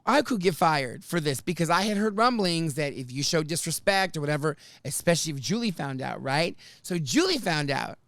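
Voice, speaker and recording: A podcast host telling a story in casual chat, animated and swearing often, acting out what people said. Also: male voice, on the high side, normal speed, hardly any pauses, no echo.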